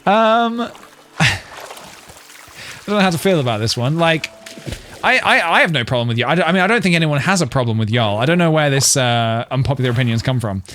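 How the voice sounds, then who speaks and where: A man's voice: a little high, animated, brisk, a bit bright, a little hiss or hum. A man with an English accent, chatting on a live stream and reading posts aloud, musing as he goes, trailing off, restarting and laughing to himself. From England.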